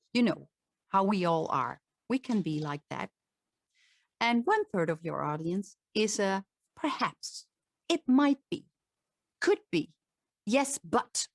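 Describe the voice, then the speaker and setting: Slow-spoken Dutch-accented woman coach. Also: mid-range voice, no echo, clean studio sound. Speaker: voice and presentation coach. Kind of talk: online talk and Q&A.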